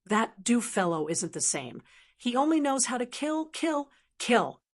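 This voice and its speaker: A woman's voice: fairly high pitch, very animated, a little slow. A woman voicing a lazy, brash young nobleman who scoffs and talks bluntly.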